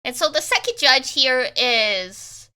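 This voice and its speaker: A woman's voice: sits high, lively intonation, takes it slowly, pushed and bright, smooth. A young adult woman streamer giving chatty, joking commentary while playing a game, laughing often. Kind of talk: let's-play commentary.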